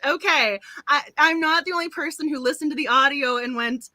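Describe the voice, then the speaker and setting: A woman hosting a book club stream, chatting casually with frequent giggles and quick apologies. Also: high voice, sharp tone, dry recording. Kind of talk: casual live-stream chat.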